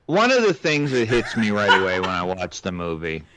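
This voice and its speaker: A man's voice: on the low side, huge pitch swings, moderate pace, heavy background noise. A man co-hosting a film podcast, talking in a wry, rambling way. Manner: rambling, wry, many restarts. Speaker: podcast co-host. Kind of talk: casual chat.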